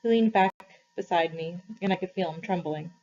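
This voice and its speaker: A woman teacher reading a novel aloud to her class, in a measured, expressive storytelling voice. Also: lowish voice. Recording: slightly muffled, dull recording.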